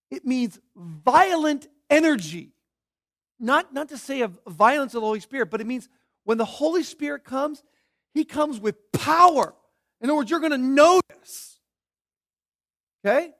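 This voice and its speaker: Man, pastor, sermon, very high voice, emphatic, numbered points, hushed questions. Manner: emphatic, swinging from shouted stresses to hushed questions.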